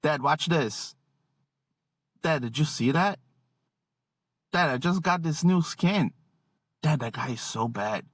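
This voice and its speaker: A man's voice: on the high side, expressive, takes it slowly, long pauses, a bit bright, dry recording, full character voice. A man voicing his young son, an eager boy who narrates every move of his game. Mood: chatty.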